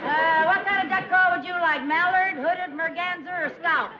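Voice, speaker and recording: A woman's voice: extremely high pitch, normal speed, a loud crowd. An actress playing a cheerful, zany woman in a 1960s sitcom, with a comic, playful delivery. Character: zany cheerful woman doing duck calls. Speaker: sitcom lead. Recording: dull old TV audio, studio laughter, hiss.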